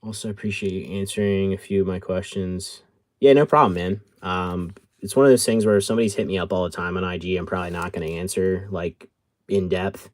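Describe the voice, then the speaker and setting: A man's voice: low voice, flat delivery, brisk. A man rambling casually on a live stream, answering viewers' chat and often correcting himself mid-thought. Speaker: card collector streamer.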